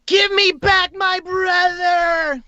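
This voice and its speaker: A game master voicing a wailing, angry child ghost who shrieks and yells near tears. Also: steady tone, slow, no room sound, highs cut off, exaggerated voice. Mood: furious wailing. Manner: shrill furious yelling, near crying.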